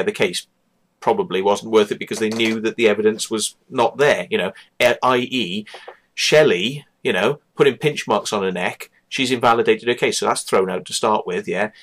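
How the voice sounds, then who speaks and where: A man's voice: fairly low pitch, a bit bright. A man hosting his own show, ranting casually with lots of swearing, scorn and rambling asides. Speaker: host. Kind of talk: casual profane rant.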